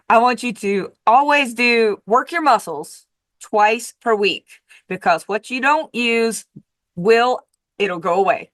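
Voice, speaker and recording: A woman's voice: on the high side, a bit bright, dry recording. Emphatic woman vlogger, dry close sound. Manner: emphatic and repetitive, with casual swearing. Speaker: diet coach and vlogger. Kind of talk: casual motivational monologue.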